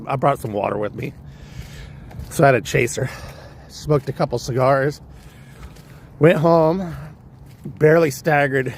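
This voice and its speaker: A man's voice: fairly high pitch, creaky, breathy edge. A man with a Californian accent, talking through a casual, rambling, profane story on his livestream vlog. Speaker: livestream vlogger.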